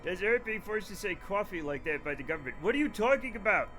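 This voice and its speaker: High-voiced animated male streamer. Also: fast talker, soft background music. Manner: animated, answers chat, swears freely, mock-angry rants. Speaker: live streamer playing a space flight game. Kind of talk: casual live-stream commentary.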